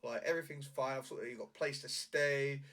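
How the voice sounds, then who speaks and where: A young man talks through a point in relaxed podcast chat, leaning on agreeing fillers like yeah and innit. His pitch sits at an ordinary middle level. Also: a little fast. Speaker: podcast co-host. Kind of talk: casual chat.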